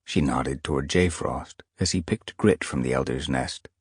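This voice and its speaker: A male narrator reading a children's animal fantasy audiobook with expressive storytelling. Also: very deep voice, measured pace, husky, no room sound, clean studio sound. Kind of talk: scripted narration.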